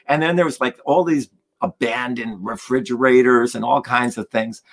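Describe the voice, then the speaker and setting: A man telling stories in conversation as a guest musician, animated and acting out the voices of the people in them. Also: medium pitch, normal speed. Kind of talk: storytelling in a conversation.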